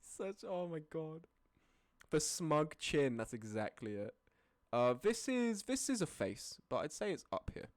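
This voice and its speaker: A streamer casually ranking images, often breaking into high laughing fits and then dropping into low, sweary mutters. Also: very animated, measured pace, no room sound, clean studio sound. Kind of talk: casual live-stream commentary.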